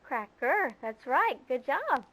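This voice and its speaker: Mom doing baby talk at her little one, super high sing-songy voice, home video. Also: very animated, slow, sharp tone. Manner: coaxing, sing-song toddler talk. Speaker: mother.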